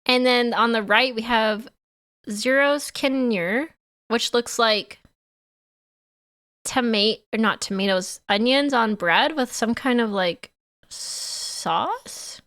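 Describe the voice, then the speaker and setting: A woman's voice: on the high side, slow, a bit bright. A woman from Canada, giving playful live-stream reaction commentary and teasing her chat.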